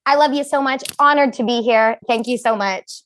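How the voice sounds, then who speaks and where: A female comedian performs a self-deprecating stand-up set at a virtual event. Her delivery is animated, and she often laughs at her own jokes. Her voice sits a little high. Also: normal speed.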